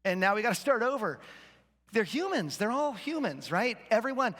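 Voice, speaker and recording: A man's voice: high-pitched, sing-song, moderate pace, a bit bright. A man in his fifties, a pastor telling a self-deprecating story in a sermon to his church. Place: church auditorium. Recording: long hall reverb.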